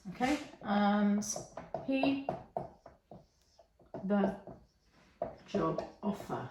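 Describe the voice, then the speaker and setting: In an online English lesson, a woman's very animated mid-range voice goes slowly, with long pauses, over background noise in an echoey room. She's a patient teacher who checks in with learners via "okay" and "yeah."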